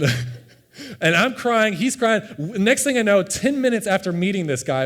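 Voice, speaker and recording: A young man, a pastor, telling a personal story in a sermon with earnest, animated delivery and frequent restarts. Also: on the high side. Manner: earnest and animated, often repeating words as he restarts. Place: church sanctuary.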